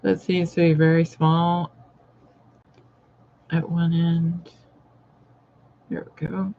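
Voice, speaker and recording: Slow chatty woman sewing host. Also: fairly low pitch, level tone, creaky, a little hiss or hum. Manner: chatty, rambling, greets viewers by name. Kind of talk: casual live-stream chat while sewing. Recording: dull lo-fi live-stream audio.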